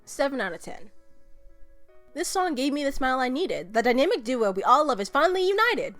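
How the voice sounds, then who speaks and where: A young woman hosting a casual review vlog of musical songs, talking in a playful, jokey, excitable way. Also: sits high, a little fast, faint music behind.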